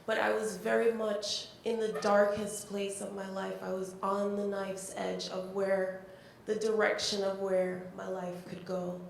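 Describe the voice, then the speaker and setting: Slow, halting woman in echoey hall. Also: little pitch movement, gravelly. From Jamaica. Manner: halting, heartfelt storytelling with many fillers. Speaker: poet and panelist. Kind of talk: symposium speech. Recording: very echoey hall, faint rumble.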